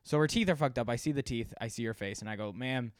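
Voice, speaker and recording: A man's voice: medium pitch, very fast, dry recording, clean studio sound. A man telling a story from his job in a casual, rambling, profane way, with many fillers and self-deprecating asides.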